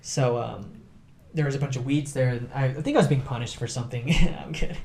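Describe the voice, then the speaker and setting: Young man telling animated stories. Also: mid-range voice, fast. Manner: animated storyteller, acts out quotes, laughs often. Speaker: podcast host. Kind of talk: casual storytelling chat.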